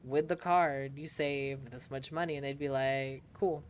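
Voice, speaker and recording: Her voice is a rumbling low with fairly even intonation, a little slow, and a bit of hiss or hum behind it. This young American woman streams a game and tells stories casually and laid-back, laughing often, swearing freely, and mimicking the people she quotes.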